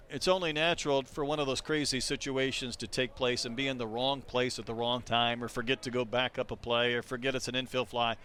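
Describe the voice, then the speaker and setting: A man doing live play-by-play baseball commentary, calling pitches and chatting between them. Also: sharp tone, a little hiss or hum. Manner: conversational, calls pitches between chatty stories. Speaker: play-by-play announcer.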